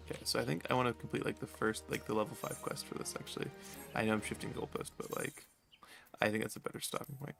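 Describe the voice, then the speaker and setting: A man's voice: fairly low pitch, fairly even intonation, quick pace, gravelly, a bit bright. Brief: laid-back male streamer chatting through setup, game music faint underneath. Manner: self-deprecating, rambling asides. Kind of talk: casual commentary while playing.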